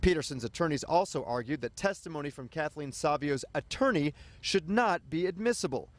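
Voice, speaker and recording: A male television reporter delivers a scripted court update. His voice sits a little high, and his delivery is measured and formal, like a standard news package. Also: expressive, dry recording.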